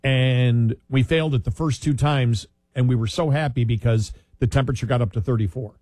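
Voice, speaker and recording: A man's voice: medium pitch, brisk, a little mellow, no echo. A man hosting a casual chat, telling long, rambling stories and laughing often.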